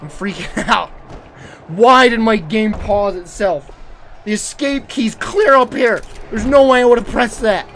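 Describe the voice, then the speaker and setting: A young adult man giving excitable, joking live commentary as a game streamer. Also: extremely high pitch, a little slow, slight background noise.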